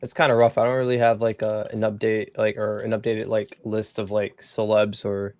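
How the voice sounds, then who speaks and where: A man's voice: lowish voice, flat delivery, moderate pace, darkish tone. A man co-hosting a casual podcast, hesitant and filler-heavy, saying "like" and "um" often. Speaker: podcast co-host. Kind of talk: casual chat.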